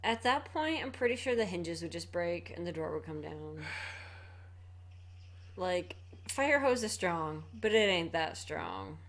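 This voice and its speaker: A woman's voice: lowish voice, sing-song, measured pace. A woman co-hosting a casual movie commentary, blunt and sarcastic about the characters. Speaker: commentary co-host.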